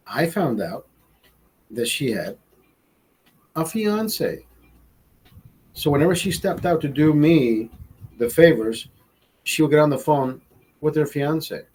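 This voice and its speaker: A man's voice: on the high side, moderate pace, long pauses, breathy edge, rough recording. A man in his forties telling a crude personal story on a podcast, swearing constantly and acting out what others said. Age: 40s. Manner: profane, animated, acts out quoted voices. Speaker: podcast host. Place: studio.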